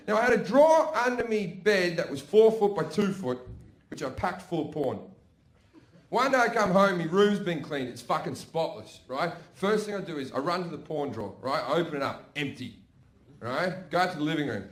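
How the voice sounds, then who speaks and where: A middle-aged man with an Australian accent doing a crude, swearing stand-up set. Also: fairly high pitch. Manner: crude, swearing storyteller with a brash delivery. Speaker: stand-up comedian. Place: comedy stage before a live audience. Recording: echoey live venue with audience noise.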